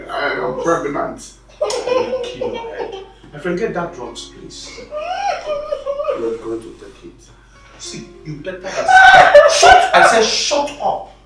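A menacing Nigerian villain. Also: male voice, a little high, exaggerated voice. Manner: threatening, barking orders, swings between hushed and shouting. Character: menacing middle-aged male villain, brutal bully. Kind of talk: Nollywood film acting. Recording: roomy sound from a distant mic with music. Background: film score music.

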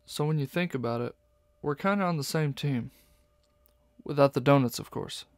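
A man's voice: mid-range voice, moderate pace, dry recording, clean studio sound, lightly acted. A man doing a smug raccoon thief. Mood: smooth. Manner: smooth, teasing, casual charm. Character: smug charming male raccoon master thief.

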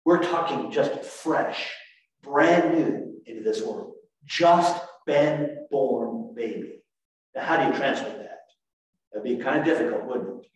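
A man preaching a sermon as pastor, animated, swinging from shouts to quiet asides. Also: mid-range voice, slow pace. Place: church sanctuary. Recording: echoey church room from far off.

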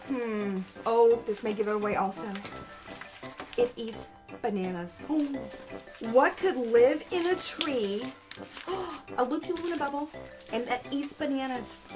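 A woman hosting a children's show, talking excitedly to small children with lots of gasps and a sing-song delivery. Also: on the high side. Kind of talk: children's program presenting. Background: background music.

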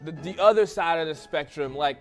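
A man's voice: fairly high pitch, brisk, faint music behind. Fields: rambling man with a slipping accent. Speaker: dating game contestant.

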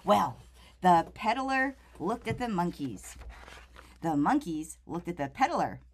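A woman reading a picture book aloud to children, playful and animated, turning to the kids with questions as she goes. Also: lowish voice, takes it slowly, slight background noise. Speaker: storyteller.

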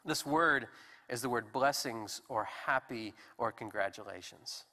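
A man preaching a sermon in a relaxed, conversational and self-deprecating way with animated emphasis. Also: mid-range voice, measured pace. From United States. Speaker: pastor. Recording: long hall reverb.

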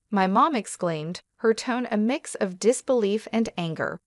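A woman reading a scripted first-person story in a steady, even manner. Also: medium pitch, unhurried, no echo, studio quality. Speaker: narrator.

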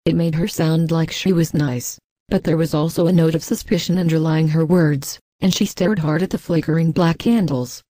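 Woman narrator, scripted story reading, even delivery, dark mellow tone. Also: deep voice, normal speed, hardly any pauses, dry recording. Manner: even, reads punctuation marks aloud.

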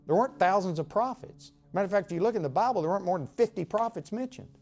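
Animated preacher with a lively voice. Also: male voice, high-pitched, quick pace, hardly any pauses, faint music behind. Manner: animated, dramatic storytelling with quoted voices. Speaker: pastor. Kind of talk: sermon.

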